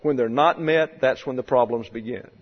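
A man preaching a sermon, teaching slowly and deliberately, with measured emphasis on key words. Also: medium pitch. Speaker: pastor. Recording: dull lo-fi sound in a long-reverb hall.

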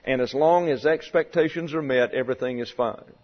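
A male pastor preaches slowly and deliberately in a teaching style, stressing key words. His mid-pitched voice rings with long reverb, as though filling a large sanctuary, but the recording sounds dull, muffled, and lo-fi.

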